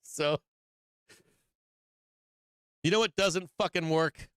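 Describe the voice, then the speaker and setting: A man's voice: a little high, takes it slowly, fairly bright tone, clean tone, dry recording. A man hosting a live stock market show, giving blunt and profane trading commentary with frequent emphatic swearing and laughs between points.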